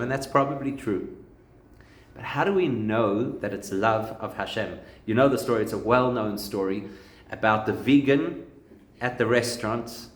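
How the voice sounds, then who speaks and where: Rabbi guy teaching a class, chatty with jokes, normal pitch, echoey room. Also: moderate pace. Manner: conversational teaching with humorous anecdotes. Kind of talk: Torah lesson.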